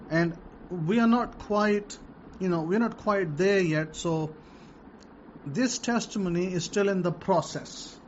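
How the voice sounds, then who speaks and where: A man's voice: on the high side, lo-fi sound, a little hiss or hum. A man preaching about tithing in an emphatic, repetitive way, telling testimonies to his listeners. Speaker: religious teacher on tithing.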